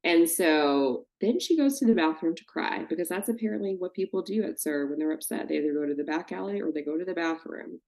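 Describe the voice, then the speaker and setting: Animated, profane woman podcast host. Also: sits low, brisk, creaky, few pauses. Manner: animated, profane, mimics people she talks about. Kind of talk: casual recap chat.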